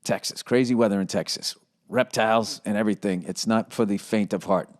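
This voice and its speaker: A man's voice: on the low side, fairly even intonation, a little fast. A middle-aged man hosting a solo podcast, rambling sarcastically with lots of swearing and self-mockery. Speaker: podcast host.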